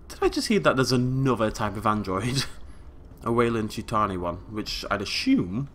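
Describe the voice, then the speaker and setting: Let's play host: man, low and animated, playful and joking. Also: moderate pace, slight background noise. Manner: playful, jokey, hums tunes and makes silly sound effects. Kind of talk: gameplay commentary.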